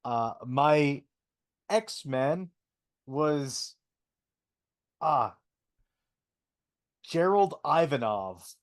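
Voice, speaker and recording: A man co-hosting a casual podcast, talking haltingly with repeated words and fillers. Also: a little high, lively intonation. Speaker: podcast co-host.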